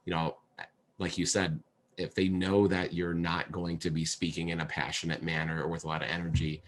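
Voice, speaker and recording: Low deep voice guy hosting a podcast, lots of um and you know. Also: flat delivery, brisk. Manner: hesitant, filler-heavy. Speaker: podcast host. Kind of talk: casual interview chat.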